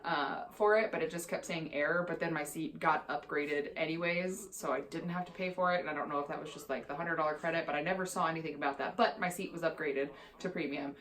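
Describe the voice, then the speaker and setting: A woman's voice: sits low, steady tone, quick pace, hardly any pauses, fairly bright tone. A young woman vlogger telling a casual storytime, candid and exasperated, with plenty of swearing.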